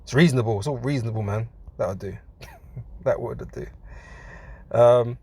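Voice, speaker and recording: A man teaching from scripture in a casual, conversational way, often saying "man" and laughing between points, and reading verses slowly. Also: mid-range voice, warm tone, breathy edge. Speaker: preacher.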